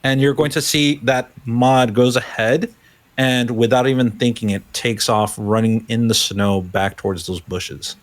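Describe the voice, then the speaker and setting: A man's voice: mid-range voice, steady tone, a little slow. A man narrating a tabletop role-playing game as game master, steadily describing the scene to the players.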